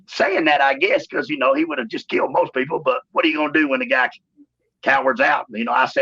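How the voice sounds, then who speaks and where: A man, telling stories in a shoot interview in a drawling, animated way and saying "man" often. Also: quick pace, gravelly, slightly rough. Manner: animated storyteller, acts out quotes in a higher voice. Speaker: interview guest, former wrestler. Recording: dull lo-fi sound.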